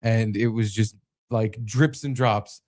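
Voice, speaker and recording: A young man co-hosting a podcast, telling a story in an animated way and swearing freely. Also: lowish voice, takes it slowly. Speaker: podcast co-host. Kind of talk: casual chat.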